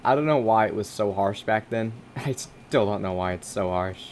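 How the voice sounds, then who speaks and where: A man's voice: lowish voice, moderate pace, slight background noise. A teenage boy giving casual, jokey gameplay commentary, swearing and yelping in panic when something chases him. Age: teens. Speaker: gaming content creator. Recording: game music playing underneath. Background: background music.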